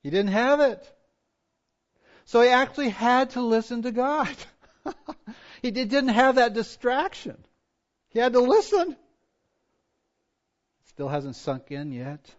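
A pastor preaching a sermon, swinging from hushed asides to loud emphatic points. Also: male voice, very high voice, sing-song, slow pace, pauses often. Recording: dull lo-fi church recording.

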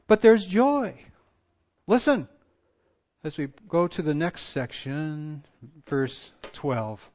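A man preaching a sermon as pastor, full of passion and rhetorical questions, his voice swinging from loud to hushed. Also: high-pitched, sing-song, slow, highs cut off.

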